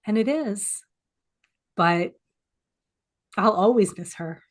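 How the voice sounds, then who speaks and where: Woman, forties, heartfelt personal sharing; soft, pausing delivery, close to tears, home video call. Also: mid-range voice, animated. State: teary. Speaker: support group speaker. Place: home office. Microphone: home office video call.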